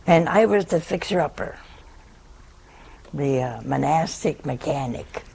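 Slow, gravelly older nun telling stories. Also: female voice, deep voice, lively intonation, darkish tone. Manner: chatty, self-mocking anecdotes with laughter. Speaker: nun giving a talk. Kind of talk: humorous storytelling talk.

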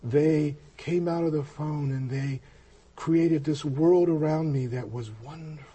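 A man telling a personal story of his spiritual experience, halting and reflective, with frequent pauses and restarts. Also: fairly high pitch, steady tone, dark tone, husky. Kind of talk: personal testimony.

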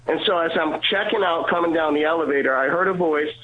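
A man's voice: on the high side, quick pace. A man, a guest on the show, earnestly telling a personal faith story and often repeating and restarting his words. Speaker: guest sharing a faith testimony. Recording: tinny phone line.

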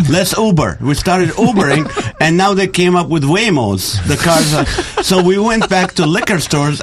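A middle-aged man from the Middle East chatting casually, telling animated jokey stories with laughter. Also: a little high, background noise. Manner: animated storytelling with jokes and laughter. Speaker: guest comedian. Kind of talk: casual chat.

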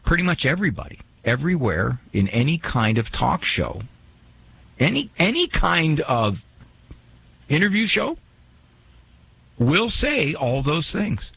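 A man's voice: a little high, very animated, unhurried, creaky, pauses often, a bit bright, breathy edge. A man hosting a radio talk show, chatting in a joking, self-mocking way and acting out little quoted asides. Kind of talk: casual radio monologue.

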